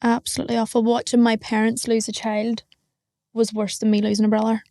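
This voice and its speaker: Young woman, Northern Irish accent, blunt, matter-of-fact, flat intonation, dark tone. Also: fairly high pitch, a little fast, dry recording, clean studio sound. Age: young adult. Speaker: guest. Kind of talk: candid interview talk.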